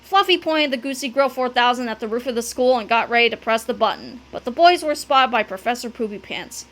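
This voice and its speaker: A woman reading a children's book aloud, telling the story with animated delivery and dramatic sound words. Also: a little high, brisk. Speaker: narrator.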